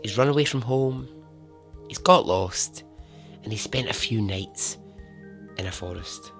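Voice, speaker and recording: A man hosting a podcast, telling a true story with dramatic pauses, hushed suspense and chatty asides to the listener. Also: fairly low pitch, faint music behind. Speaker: podcast host. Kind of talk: storytelling narration.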